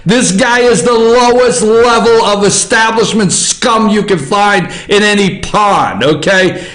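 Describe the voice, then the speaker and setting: A man's voice: high-pitched, unhurried, a bit bright, echoey room, low-quality recording. A man hosting an opinionated news commentary show from an office, talking in a blunt, emphatic, ranting way and swearing freely. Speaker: political commentary show host.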